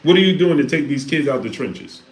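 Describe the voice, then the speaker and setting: A man's voice: on the high side, lively intonation, a little fast. A man hosting a livestream, talking casually and preaching with repeated rhetorical questions. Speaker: live stream host reading Super Chats. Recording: echoey room.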